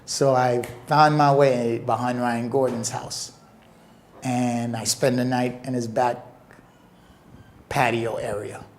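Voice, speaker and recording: A young man telling a personal story in an interview, earnest and emotional, with halting pauses. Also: medium pitch, level tone, slight background noise.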